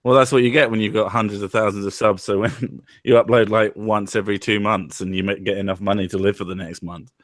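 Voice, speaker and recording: A man's voice: on the low side, fairly even intonation, quick pace, hardly any pauses, no room sound, studio quality. A British man in casual stream banter over voice chat, teasing and crude, laughing often. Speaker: stream guest. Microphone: online voice chat.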